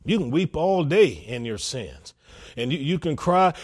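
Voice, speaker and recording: A man's voice: on the high side, big pitch swings, a little slow, slightly rough. A man preaching a sermon as pastor, stressing his points by repeating them.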